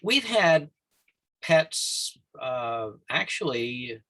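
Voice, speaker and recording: A man hosting an online storytelling meeting, speaking haltingly with many pauses. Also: mid-range voice, sing-song, pushed and bright, poor audio. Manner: hesitant, halting with fillers. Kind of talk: casual meeting talk. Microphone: video call.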